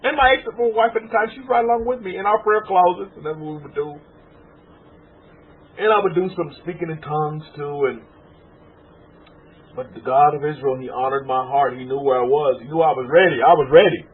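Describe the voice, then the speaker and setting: A man preaching a sermon as rabbi, animated and repetitive, calling his listeners family. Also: on the high side, fairly quick, husky. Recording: tinny phone-like sound.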